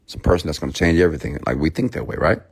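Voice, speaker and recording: A man's voice: rumbling low, racing, husky. A man in his thirties giving a motivational talk, telling a personal story and acting out the people in it. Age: 30s. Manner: animated, acts out both sides of a story. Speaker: motivational speaker.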